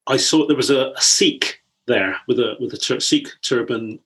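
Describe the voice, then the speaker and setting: A man from England with a mid-pitched voice hosts a relaxed conversation. He tells anecdotes in a chatty manner and laughs easily as he goes. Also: moderate pace. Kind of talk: casual conversation.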